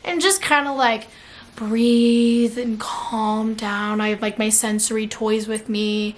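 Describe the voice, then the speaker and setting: Taking her time, a young adult woman with a slightly high voice and fairly even intonation answers viewer questions in a relaxed vlog. Her talk is chatty and loaded with "like," and she laughs at herself partway through sentences.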